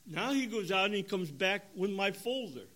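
Emotional older preacher. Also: male voice, high voice, expressive, normal speed. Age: 70s. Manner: emotional, dramatic swings from loud to hushed. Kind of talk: sermon testimony.

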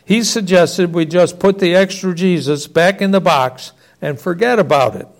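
A man's voice: sits high, a little slow, vocal fry. A man reading a Christmas-style family story aloud as narrator.

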